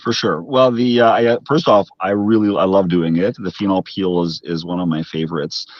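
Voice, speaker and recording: Measured Canadian surgeon, low dull voice. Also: male voice, fairly even intonation, dry recording. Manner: measured, methodical, with frequent restarts. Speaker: plastic surgeon guest. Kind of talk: explanatory interview answers.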